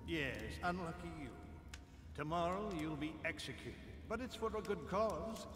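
A man's voice: fairly high pitch, animated, normal speed, a bit bright. An actor playing a sneering male conspirator in a game, mocking his prisoner. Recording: echoey hall with noisy game ambience.

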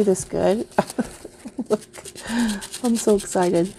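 A woman's voice: fairly low pitch, takes it slowly, gravelly, pauses often, mellow, a little hiss or hum. A woman vlogger unboxing craft mail in casual chat, gushing and easily delighted.

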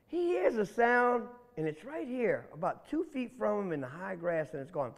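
A man's voice: high voice, very animated, moderate pace, big-room sound. A man, telling a children's story in a playful, chatty way and asking the children questions.

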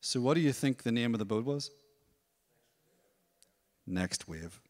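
A man giving a testimony at a church service, telling his story in a lively way and acting out other people's voices. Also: mid-range voice, measured pace, big-room sound. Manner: storytelling, animated, acts out voices. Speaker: worship leader. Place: church hall.

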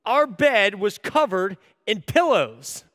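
A man in his thirties giving a sermon as an animated, self-deprecating storyteller. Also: high-pitched, takes it slowly, dry recording, clean studio sound, in a large hall. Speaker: church staff speaker.

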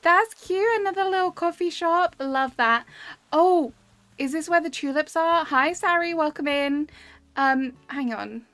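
A woman's voice: high voice, a little slow, fairly bright tone. A woman live-streaming a game tour, chatting cheerfully and greeting her chat by name. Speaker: streamer touring game islands. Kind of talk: casual live-stream commentary. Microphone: webcam with desk mic. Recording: dry close mic, game music behind.

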